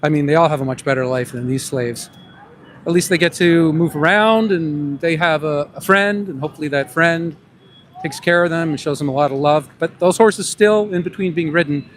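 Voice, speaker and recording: Man, street interviewer, slightly high voice, calls out to passersby, outdoors by busy traffic, faint background noise. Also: moderate pace. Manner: calling out questions to passersby. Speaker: street interviewer and animal rights activist. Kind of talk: street vox-pop vlog.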